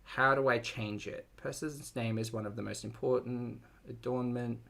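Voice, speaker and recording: An Australian man talks over a livestream he is reacting to, reading articles aloud and breaking in with dry remarks. His voice is bright and forward, and he sits in the middle of the usual male pitch range. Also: fairly even intonation, moderate pace, vocal fry. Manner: dry, wry asides between readings. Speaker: reaction commentator.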